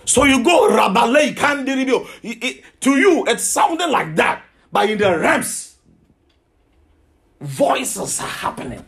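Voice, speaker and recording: A man's voice: extremely high pitch, big pitch swings, takes it slowly, gravelly, pauses often, fairly bright tone. A man preaching a sermon, emphatic, repeating himself and asking his listeners questions.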